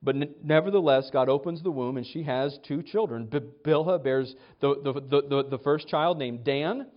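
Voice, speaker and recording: A man's voice: a little high, normal speed. A man preaching a sermon in a conversational way, often restarting and acting out quotes. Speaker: pastor. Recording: dull lo-fi sound.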